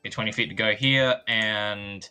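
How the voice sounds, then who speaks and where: Bright-voiced man playing a tabletop game. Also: fairly low pitch, steady tone, unhurried, smooth, faint music behind. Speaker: player.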